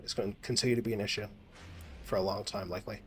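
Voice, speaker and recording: An American gaming vlogger delivers a casual, rambling monologue while he plays, his fairly low, steady, slightly bright voice moving very fast. He swears a lot, restarts sentences often and uses many fillers, over a little hiss or hum.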